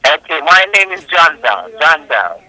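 A man on a recorded phone call who talks haltingly and keeps repeating himself to insist on his point. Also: a little high, sing-song, pushed and bright. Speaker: phone scammer.

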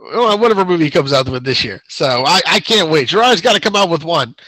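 A man's voice: fairly high pitch, expressive, fast, pushed and bright, no echo. A man co-hosting a show, chatting casually, rambling and laughing often. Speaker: podcast co-host. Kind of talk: casual chat.

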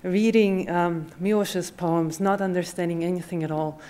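A woman with a Russian accent, an assistant professor who introduces and reads a poem aloud at a public event, hesitant in her asides and measured once she reads. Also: on the low side, fairly even intonation, mellow. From Uzbekistan. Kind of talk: poetry reading at a public event.

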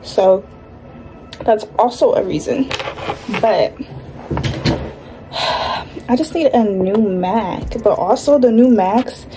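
A woman's voice: mid-range voice, slow, long pauses, noisy background. A young woman with a light Southern accent, talking in a chatty, slangy, rambling way as she vlogs. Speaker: vlogger. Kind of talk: casual vlog chat.

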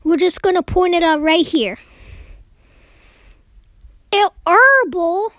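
A young woman giving casual commentary while playing a map-guessing game, excitedly talking to herself as she guesses. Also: extremely high pitch, takes it slowly, no echo, studio quality. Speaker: game player.

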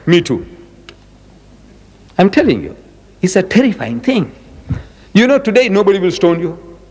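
A man from South Africa giving a public religious lecture, dramatic and animated with lots of repetition. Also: high-pitched, moderate pace, breathy edge, long reverb tail. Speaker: Islamic lecturer.

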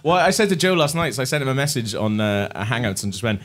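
A man hosting a live podcast in front of an audience, excitable, loud and quick to laugh. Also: lowish voice. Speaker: podcast host. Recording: live venue with crowd noise.

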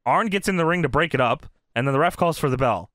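A man's voice: fairly high pitch, animated, quick pace, a bit bright, dry recording, clean studio sound. A young man co-hosting a casual wrestling review chat, laughing often, swearing and acting out quotes. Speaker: podcast co-host.

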